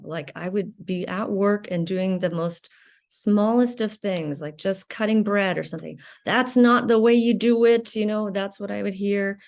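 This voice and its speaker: A woman's voice: fairly low pitch, a little mellow. A woman hosting a reflective solo talk, speaking hesitantly with frequent ums and restarts. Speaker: podcast host.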